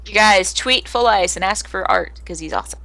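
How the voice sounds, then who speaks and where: A woman's voice: medium pitch, a little fast, pushed and bright. A woman voice actor chatting as a podcast guest, joking, laughing often and swearing casually. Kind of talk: casual chat.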